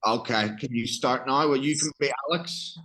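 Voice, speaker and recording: A man with an English accent teaching a language lesson, explaining vocabulary slowly and simply with patient, plain examples. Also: medium pitch, bright, forceful tone, poor audio.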